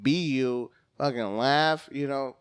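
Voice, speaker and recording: A man's voice: medium pitch, slow, clean tone, dry recording, studio quality. A man on a podcast, a comedian chatting casually, hyperactive, cursing a lot and acting out phone calls in different voices.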